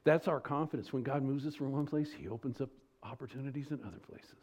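A man preaching an expository sermon as pastor, asking rhetorical questions, his pitch and loudness rising and falling. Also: fast, husky.

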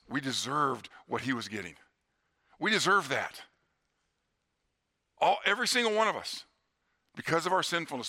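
A middle-aged man preaching a sermon in a church, earnest, slowing down and dropping to a hush on key lines. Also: medium pitch. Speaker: pastor.

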